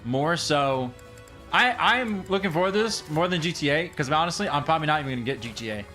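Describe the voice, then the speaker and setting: A man casually commentating his gameplay, excitable and rambling, repeating himself and laughing often. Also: fairly high pitch, quick pace, soft background music. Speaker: streamer.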